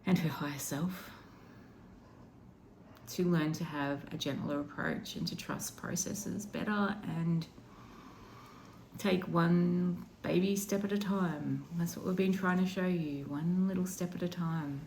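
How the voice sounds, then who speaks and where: A woman voicing an archangel spirit she channels, speaking in a soft, slow, reassuring way. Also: fairly low pitch, slight background noise. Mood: gently reassuring. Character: gentle guiding archangel spirit, calm and reassuring.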